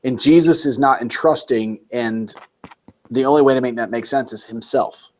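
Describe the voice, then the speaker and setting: A man's voice: mid-range voice, normal speed. A man tutoring a student one-on-one, explaining points patiently and with emphasis. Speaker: Greek tutor.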